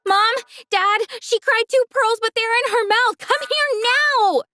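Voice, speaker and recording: A woman voicing a spiteful, jealous teenage girl cousin in a storytime narration, with a shrill, mocking manner. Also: unhurried, bright, forceful tone, exaggerated voice. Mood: shrieking.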